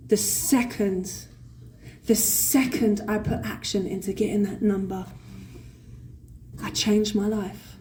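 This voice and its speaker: A woman with a London accent telling her recovery story at a convention, blunt, swearing and animated. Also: mid-range voice. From England. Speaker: recovery speaker. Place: convention hall stage. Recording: faint room noise at a convention.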